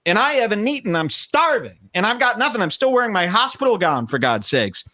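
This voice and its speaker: A man talking casually on a livestream, leaning into sarcasm and acting out the lines of people in his story. His voice is bright and forceful, and it jumps around a lot in pitch. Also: very animated, a little fast. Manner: storytelling with acted-out quotes, sarcastic.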